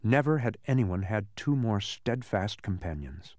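A man reading a children's storybook aloud as narrator, in an expressive way. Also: on the low side, unhurried, no room sound, clean studio sound.

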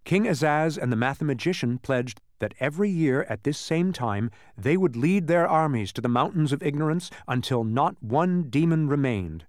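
A man narrating a children's storybook with a very lively, rising and falling voice. The recording is close and dry, and he reads it with plain enjoyment. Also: on the high side, no echo. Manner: expressive reading aloud.

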